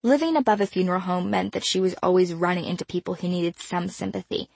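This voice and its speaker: Casting note: female audiobook narrator, measured and expressive, slightly husky, dry booth sound. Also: on the low side, no room sound.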